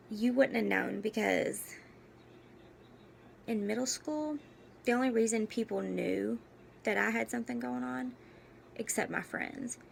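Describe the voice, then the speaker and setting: Young woman, gravelly and losing her voice. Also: mid-range voice, slight background noise. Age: young adult. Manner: halting, candid, with many fillers and restarts. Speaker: vlogger. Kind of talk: casual personal vlog.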